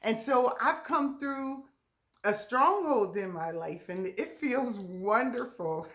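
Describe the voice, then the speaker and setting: A woman's voice: a little high, lively intonation, takes it slowly, a bit bright. A woman leading a ministry message, speaking in a heartfelt, emotional way and laughing through near-tears. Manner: heartfelt, laughing through tears, Southern-tinged casual speech. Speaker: ministry leader.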